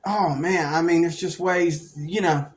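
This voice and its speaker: A middle-aged man from Pennsylvania telling stories from his past in a rambling, animated way, breaking into loud bursts when he acts out what others said. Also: a little high, a little slow. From Pennsylvania, United States. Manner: rambling, animated, acts out quoted people with sudden loud outbursts. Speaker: storyteller recounting his past. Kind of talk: casual monologue.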